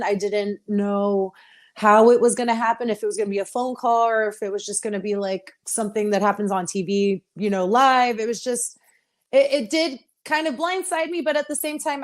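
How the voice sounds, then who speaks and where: Emotional, laughing woman interviewee. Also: on the high side. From Texas. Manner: open and emotional, laughs often. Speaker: interview guest, pro wrestler. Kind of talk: casual interview.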